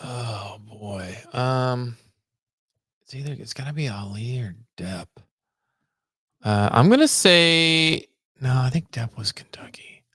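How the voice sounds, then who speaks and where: A man's voice: medium pitch, expressive, slow pace, long pauses, a bit bright, breathy edge, no room sound, clean studio sound. A man co-hosting a podcast, thinking aloud and muttering guesses while answering trivia in casual chat. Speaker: podcast co-host.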